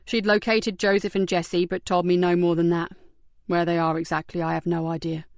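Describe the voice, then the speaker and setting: A weary, cautious middle-aged male detective, as a woman reading an audiobook puts him on. He speaks quietly in a lowered voice, kind but worried. The recording is dry and close. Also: flat delivery, fairly quick, vocal fry, no echo.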